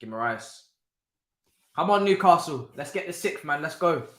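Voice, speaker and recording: A young man hosts a live football watchalong, repeating himself and laughing as he reacts. His voice sits a bit high for a man, and the room adds a noticeable echo. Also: normal speed. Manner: animated, repetitive, laughing, slangy. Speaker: watchalong host. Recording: roomy echo.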